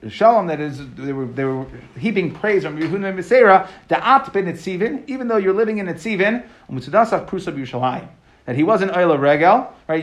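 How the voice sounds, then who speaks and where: A man teaching a Talmud class, reading each line and explaining it in casual, lively talk with modern asides. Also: a little high. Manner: reads each phrase, then explains it casually.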